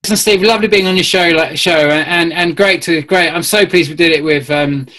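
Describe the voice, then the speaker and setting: A man's voice: on the high side, a little fast, bright, forceful tone, low-quality recording. A man talking as a guest on a call-in show, earnest and rambling, restarting his sentences often. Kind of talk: conversational call-in chat.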